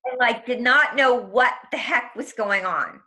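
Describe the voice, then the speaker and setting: A woman's voice: a little high, unhurried, sharp tone. A young woman telling an intense personal story in an interview, emotional and tumbling, full of "like" and acted-out quotes. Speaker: guest.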